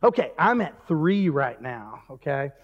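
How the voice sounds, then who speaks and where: A man's voice: on the high side, sing-song, measured pace, highs cut off. A man preaching a casual, chatty sermon in church, breaking off mid-sentence and chuckling at asides. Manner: conversational, self-interrupting, chuckling asides. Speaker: pastor. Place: church sanctuary. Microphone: handheld or stage mic. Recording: long reverb of a church hall.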